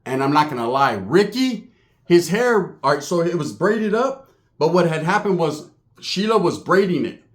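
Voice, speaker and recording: A man telling a comic story, animated and profane, acting out the voices of the people in it. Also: fairly high pitch, normal speed. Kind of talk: comedic storytelling.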